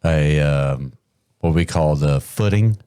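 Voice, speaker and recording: A man's voice: very deep voice, takes it slowly, dark tone, smooth. A man co-hosting a casual podcast chat, laid-back and insistent on his points.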